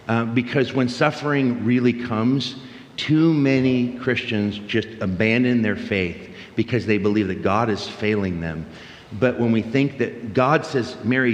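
Captured in a muffled recording with roomy hall reverb, a middle-aged pastor speaks on the low side. He delivers his sermon in a conversational manner, telling stories full of fillers and restarts.

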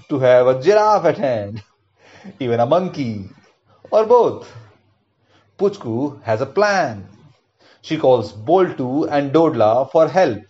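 Slow, expressive storyteller man. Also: on the high side, lo-fi sound. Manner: expressive and lilting. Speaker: narrator. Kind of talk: children's storybook reading.

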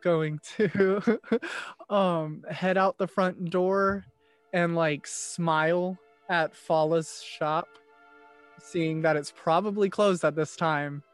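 A man's voice: fairly high pitch, steady tone, takes it slowly, clean tone, soft background music. Man thinking aloud as a player. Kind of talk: casual tabletop play.

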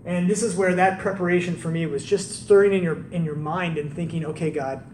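Male preacher, conversational and animated, recorded from a distance with faint background noise. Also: sits high, fairly quick, echoey room. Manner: conversational, animated storytelling with rhetorical questions. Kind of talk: sermon.

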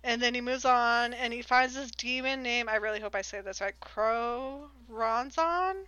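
A woman's voice: a little high, flat delivery, a little fast, pushed and bright, smooth, no room sound, highs cut off. A woman co-hosting a podcast, recapping a book in a giggly, rambling, sarcastic casual chat.

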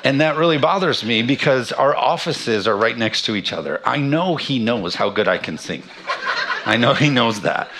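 A man's voice: medium pitch, expressive, normal speed, noisy background. A man in his thirties, a pastor preaching a sermon, telling a funny family story with self-deprecating humor. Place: church sanctuary.

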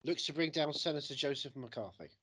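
A man's voice: fairly high pitch, fairly quick, fairly bright tone, breathy edge. A British man teasing his co-host through a casual movie quiz, tossing out actor names. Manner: playful, teasing, rattles off names.

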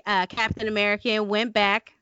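A woman with a Southern country accent co-hosting a casual podcast chat, teasing and quick to laugh. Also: medium pitch, little pitch movement, sharp tone, clear, resonant tone, dry recording. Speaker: podcast co-host. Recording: dull lo-fi podcast audio.

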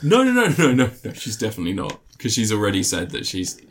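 A man co-hosting a podcast, retelling film scenes in a rambling, animated way with playful put-on voices. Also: on the low side, quick pace, a little hiss or hum. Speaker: podcast co-host. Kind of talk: casual film review chat.

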